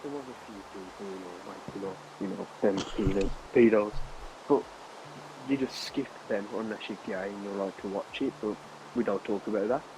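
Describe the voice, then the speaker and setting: A man's voice: on the low side, fairly quick, background noise. A man chatting casually on a game stream, meandering and repeating fillers. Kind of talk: casual gaming stream chat.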